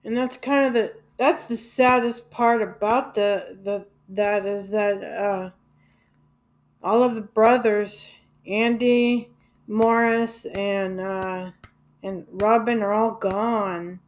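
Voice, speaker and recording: Slow, rambling woman chatting about music. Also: mid-range voice, steady tone. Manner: rambling, hesitant, many fillers and restarts; blunt, swears casually. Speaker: music vlogger. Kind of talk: casual rambling monologue.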